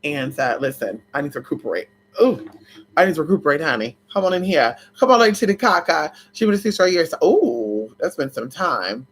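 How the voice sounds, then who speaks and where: A spiritual vlogger chats casually with viewers on a livestream, sassy and dramatic, talking a little fast with a breathy edge. Her pitch swings widely up and down, and she breaks into laughs and shouts.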